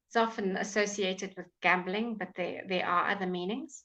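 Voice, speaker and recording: A woman's voice: medium pitch, moderate pace, hardly any pauses, fairly bright tone. A woman with an English accent teaching pronunciation in a live online lesson, patiently drawing out example words for learners to repeat. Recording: dull lo-fi stream audio.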